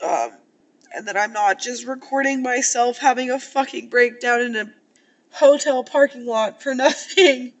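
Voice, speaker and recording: A woman's voice: fairly high pitch, measured pace. A woman in her twenties, tearful and rambling, swearing as she talks through her feelings in a hotel parking lot. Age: 20s. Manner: emotional, rambling, swears freely. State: crying. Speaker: podcast host. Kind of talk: tearful personal vlog confession.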